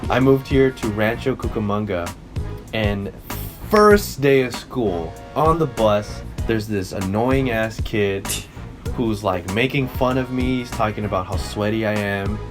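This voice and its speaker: A man's voice: on the low side, animated, unhurried, over music. A young man co-hosting a podcast, telling stories in a loose, rambling way with swearing and self-corrections. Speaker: podcast co-host. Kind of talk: casual chat.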